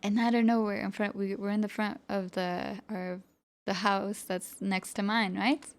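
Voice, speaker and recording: A young woman streamer telling a personal story to her chat, animated and chatty, laughing and asking "you know?". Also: mid-range voice, moderate pace.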